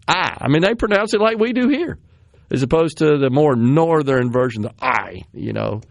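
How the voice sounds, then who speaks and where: A man's voice: on the high side, animated, moderate pace, gravelly, darkish tone, no echo, studio quality. A man in his sixties with a Southern American accent, hosting a radio talk show and reminiscing in a rambling way, often laughing. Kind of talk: casual studio chat. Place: radio studio. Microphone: studio microphone.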